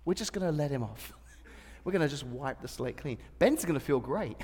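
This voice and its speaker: A man with a high voice preaches to a congregation, mixing light personal stories into the sermon. He laughs often between lines. His voice rings out with a long reverb in a large church hall. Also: lively intonation, moderate pace, a little mellow, breathy edge. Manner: humorous storytelling, laughs often. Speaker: pastor.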